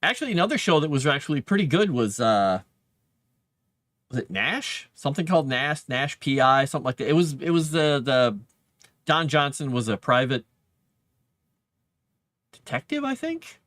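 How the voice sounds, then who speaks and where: A man chats casually on a live stream while he writes, rambling and muttering lines of his drafts aloud. His pitch swings up and down a lot. The sound is close and dry, with no room echo. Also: animated, moderate pace, a bit bright. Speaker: live streamer writing fantasy lore.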